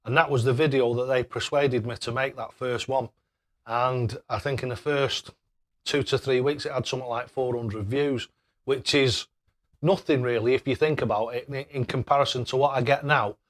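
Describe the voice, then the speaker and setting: A man's voice: mid-range voice, fairly even intonation, moderate pace. A man hosting a casual live stream, chatting away and thanking viewers by name with matey banter. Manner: matey banter, calls people mate.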